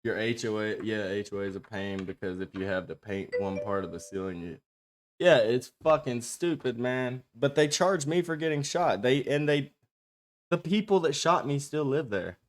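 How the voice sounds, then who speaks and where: A man's voice: mid-range voice, lively intonation, normal speed. A man streaming from a home setup, chatting casually and profanely with his viewers in a rambling way. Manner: profane, rambling, talks straight to chat.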